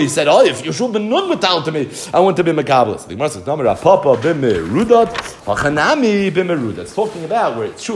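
A man teaching a Talmud lesson, animatedly acting out the rabbis' exchanges and mixing Hebrew and Aramaic terms into English. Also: on the high side. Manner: animated, acts out the rabbis' dialogue.

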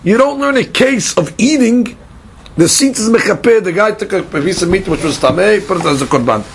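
A man with a high, gravelly voice leads a Talmud lesson. He fires questions at his students and repeats himself as he works through the text. A faint hiss sits under the recording. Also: fairly quick. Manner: animated, questioning, repeats words, mixes Hebrew and Aramaic terms into English. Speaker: Talmud teacher.

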